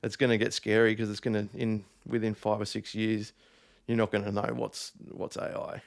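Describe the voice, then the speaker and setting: Gravelly-voiced man in casual chat. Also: fairly low pitch, flat delivery, normal speed. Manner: loose and rambling, swears freely. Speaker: DJ guest.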